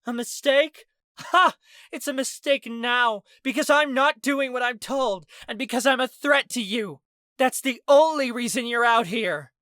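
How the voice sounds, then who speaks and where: A man voicing a furious, defiant young woman sorceress who yells scornfully in an audiobook. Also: on the high side, slow, dry recording, studio quality, pitched above the performer's own voice. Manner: yelling, scornful.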